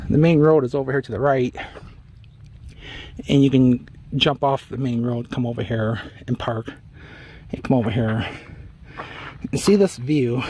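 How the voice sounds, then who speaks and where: A man's voice: medium pitch, a little mellow, a little hiss or hum. A man on a desert trail, chatting casually for a hiking vlog with rambling, self-deprecating asides, a little out of breath. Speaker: travel vlogger.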